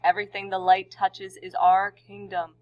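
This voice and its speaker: A wise, noble lion king from an animated film, speaking in slow, measured words, as a woman teacher reads him aloud. She keeps her natural mid-pitched voice rather than acting. The sound is muffled and lo-fi. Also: natural voice. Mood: solemn. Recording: dull lo-fi recording.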